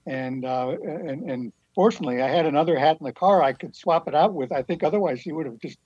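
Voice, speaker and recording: A man's voice: a little high, fast, darkish tone, breathy edge, dry recording. Laid-back man on a dull lo-fi line. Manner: laid-back, rambling storyteller. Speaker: guest. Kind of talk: casual chat. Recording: dull lo-fi sound.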